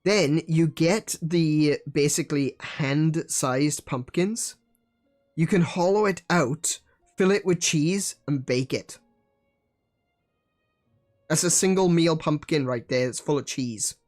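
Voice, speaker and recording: A man's voice: a little high, takes it slowly, darkish tone, soft background music. A man chatting casually while streaming a video game, joking and talking to his viewers. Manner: chatty, laughs at himself, many restarts. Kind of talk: casual let's-play commentary.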